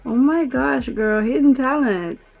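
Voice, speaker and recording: A woman entrepreneur in casual conversation, quick to affirm her friend and add her own memories. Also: high voice, creaky, loud music behind the voice. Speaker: fellow entrepreneur guest. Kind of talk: casual chat.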